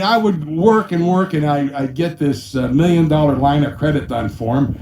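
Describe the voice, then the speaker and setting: A man's voice: normal speed, darkish tone. Man telling accountant jokes in an echoey room. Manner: punchy, sells punchlines with 'ba-boom', acts out clients in high voices. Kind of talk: stand-up joke telling. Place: small room with a live audience. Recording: echoey room, mic at a distance.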